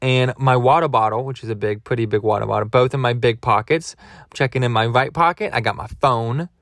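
A man's voice: medium pitch, brisk, a bit bright, dry recording, clean studio sound. Rambling man telling a comic story. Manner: rambling, digressive, self-mocking. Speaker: podcast host. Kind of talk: comedic storytelling monologue.

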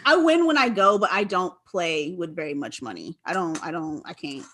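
A woman in her twenties from Los Angeles telling a story in casual chat, animated, swearing freely and acting out her own past lines. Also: on the low side, moderate pace. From Los Angeles, California. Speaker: guest, wine enthusiast.

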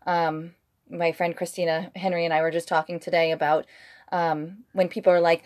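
An American woman chatting casually, telling stories with lively acted-out quotes and frequent laughter. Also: on the low side, moderate pace. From United States. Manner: animated storytelling, acts out quotes, laughs often. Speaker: podcast co-host, wife. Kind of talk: casual chat.

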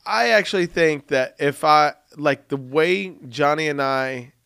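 A young man hosting a podcast, talking in a rambling, jokey, animated way. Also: on the high side, unhurried, gravelly, smooth, no room sound, clean studio sound. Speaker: podcast host. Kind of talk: casual chat.

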